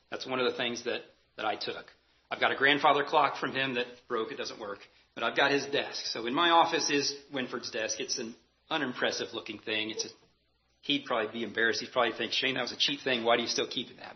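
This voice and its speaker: A man's voice: medium pitch, highs cut off. A man preaching a sermon as pastor, earnest and emphatic, repeating key phrases for weight.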